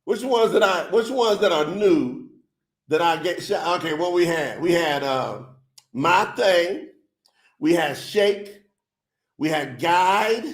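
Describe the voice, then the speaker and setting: A man's voice: on the high side, animated, takes it slowly, echoey room. An upbeat man hosting a casual livestream, chatting with viewers and reading their comments aloud. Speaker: livestream host.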